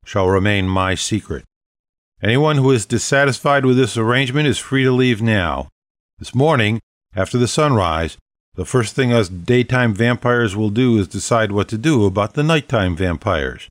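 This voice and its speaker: A man's voice: lowish voice, no room sound, studio quality, natural voice. A man voicing a regal, commanding ancient female vampire leader, speaking boldly and stately in an audiobook. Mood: firm. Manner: bold, stately, proclaiming. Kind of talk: audiobook character voice.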